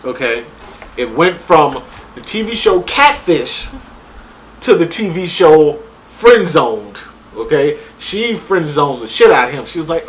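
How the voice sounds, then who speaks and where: A young man casually reviewing a TV episode, retelling it in a profane, animated way. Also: a little high, measured pace, slight background noise. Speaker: TV show reviewer.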